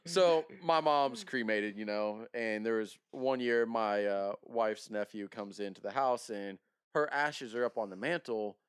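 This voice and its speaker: A man co-hosting a podcast, telling stories with deadpan dark humor in casual chat. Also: fairly low pitch, a little slow, clear, resonant tone, no echo, clean studio sound. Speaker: podcast co-host.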